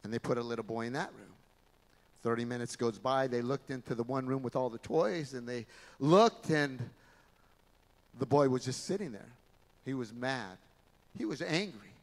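A man preaching a sermon in a church, telling stories in an animated way. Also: medium pitch, normal speed, pauses often. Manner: animated storytelling, acting out voices. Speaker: pastor. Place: large church sanctuary. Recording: long reverb of a large church hall.

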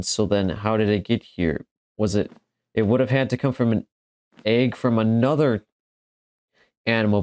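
A man's voice: fairly low pitch, a little mellow, dry recording. A man giving casual let's-play commentary, joking and exclaiming as he talks back to the game. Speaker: gaming commentator.

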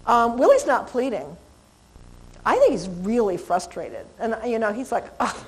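An animated woman lectures a live seminar crowd about how dogs behave, mimicking the noises of animals and people and quizzing her listeners. Her voice sits a little high, her pace is moderate, and there's a faint hiss or hum in the recording.

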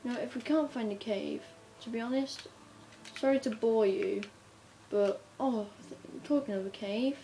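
A woman chatting casually as she narrates her gameplay, talking to herself and breaking into bursts of excitement. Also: on the high side, measured pace, vocal fry. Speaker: gamer narrating her play. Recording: faint background noise.

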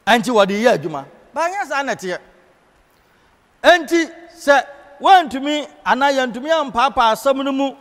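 A man's voice: very high voice, sharp tone, big-room sound. A Ghanaian man teaching a Bible class in a preaching style, switching into English for scripture and key phrases.

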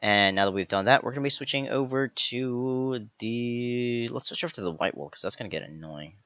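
A man's voice: mid-range voice, a little fast, fairly bright tone, highs cut off. A man hosting a step-by-step game building tutorial, methodically counting each block aloud as he places it. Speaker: tutorial host.

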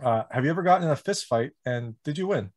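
A man conducts a casual interview, friendly and a touch hesitant as he works through his questions. He laughs readily. His voice sits at a middle pitch. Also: lively intonation, fast talker.

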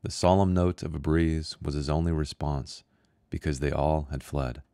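A man who is an author reading his own short story aloud in a measured, somber way. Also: extremely low pitch, steady tone, creaky, dark tone, dry recording, clean studio sound. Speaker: author and host.

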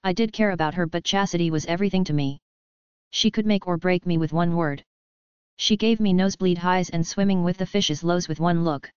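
A low-pitched woman reading an audiobook in the first person, with a steady pace. Her voice is very clear and smooth, and the recording is dry and a little muffled. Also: a little fast, dry recording. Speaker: audiobook narrator. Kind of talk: scripted audiobook narration.

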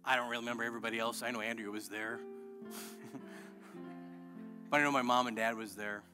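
A middle-aged male pastor preaching a sermon with passion, rising at times to shouting. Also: medium pitch. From Illinois. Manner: impassioned preaching that builds to shouting. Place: church sanctuary.

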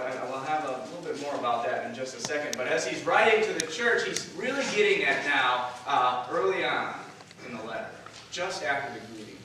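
A man in his forties preaching a sermon, telling a personal story in a self-deprecating way with frequent filler pauses. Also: fairly high pitch. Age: 40s. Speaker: pastor. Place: church sanctuary. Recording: distant, very echoey church recording with noise.

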